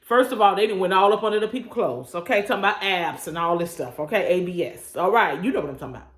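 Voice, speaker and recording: A woman's voice: on the low side, fast talker. A woman leading a morning devotion on her own channel, preaching with call-and-response energy and folksy asides. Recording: roomy echo.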